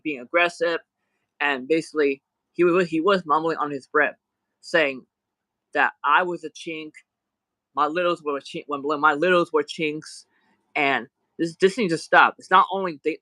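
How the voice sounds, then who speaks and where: A man speaking in a fairly high, sharp, tense voice while ranting heatedly on a livestream. He sounds indignant and keeps circling back to the same points, pressing each one with force. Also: no echo, rough recording. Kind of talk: angry livestream rant.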